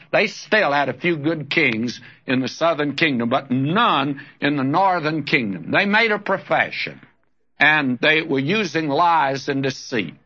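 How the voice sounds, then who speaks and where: A man's voice: on the high side, animated, a little slow, sharp tone. An older man giving a folksy sermon as a radio Bible teacher, calling his listeners friends and reading scripture aloud. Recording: lo-fi old radio broadcast.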